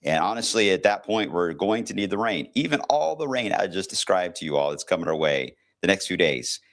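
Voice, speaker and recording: Low-voiced laid-back TV weatherman. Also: big pitch swings, brisk, fairly bright tone. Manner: laid-back, chatty, self-teasing. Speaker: TV meteorologist. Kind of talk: casual livestream weather briefing. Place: station weather office.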